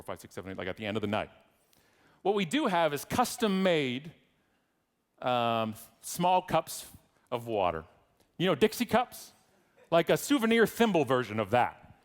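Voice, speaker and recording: A middle-aged man giving a comedic keynote, telling a story and acting out the people in it, with loud bursts of shouting. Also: medium pitch, big-room sound. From Canada. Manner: animated, acts out voices, loud bursts of shouting. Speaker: keynote speaker. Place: large conference hall.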